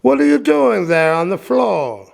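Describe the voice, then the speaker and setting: Man putting on an old Italian puppet-maker, hot-tempered and poor, loud exclaiming storybook voice, exaggerated Italian accent, pitched up. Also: very animated, a little slow, creaky, heavily acted. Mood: pleading, eager. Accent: put-on cartoonish Italian.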